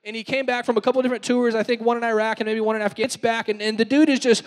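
A young adult man, a pastor, preaching a sermon in a lively storytelling way and leading the congregation in call-and-response. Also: very high voice, very fast. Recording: long hall reverb.

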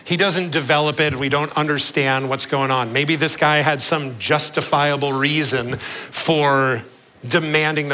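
A male pastor preaching a sermon, earnest, slowing down and dropping his voice low on the key words. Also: pushed and bright, rough recording.

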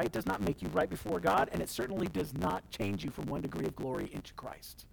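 A male pastor preaching a sermon in a church, with passionate delivery that swings between loud declarations and hushed asides, often acting out quoted voices. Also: sits high, animated, a little fast, vocal fry, few pauses, low-quality recording.

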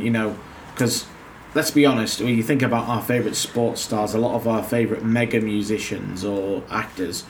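A man chatting casually about a TV series, joking and sarcastic in an animated way. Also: on the low side, slight background noise. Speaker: co-host reviewing a TV series. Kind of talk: casual chat.

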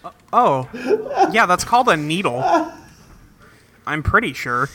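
A man's voice: sits high, big pitch swings, a little slow, crowd noise. A man co-hosting a casual podcast, recapping a cartoon episode with wry, joking asides. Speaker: podcast co-host. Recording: audible background noise.

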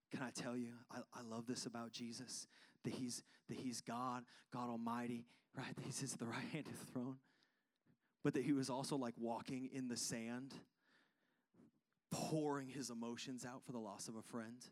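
A man preaching a sermon, fervent and chatty, calling out to the congregation and swinging from hushed tones to loud ones. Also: medium pitch, little pitch movement, moderate pace. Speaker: pastor.

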